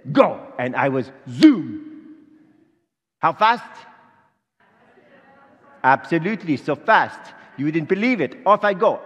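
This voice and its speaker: A vain, joking male angel messenger, played by a man on stage at a Christmas Eve service. He brags and plays to the crowd in a slightly raised voice. The sound rings with long reverb through the church hall. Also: on the high side. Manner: showy, jokey, playing to the crowd. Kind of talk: comic stage monologue. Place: church sanctuary before a congregation.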